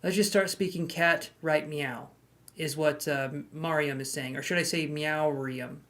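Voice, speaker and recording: A man's voice: on the high side, steady tone, measured pace, fairly bright tone. A man hosting a live tarot stream in casual chat, greeting viewers by name, handing out queue numbers and cracking jokes.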